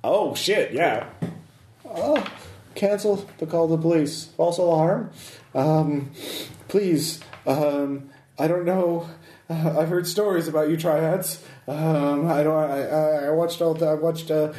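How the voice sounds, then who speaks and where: A man voicing a panicky, stammering businessman who pleads in a high, jumpy voice. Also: takes it slowly, warm tone, roomy sound. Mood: pleading.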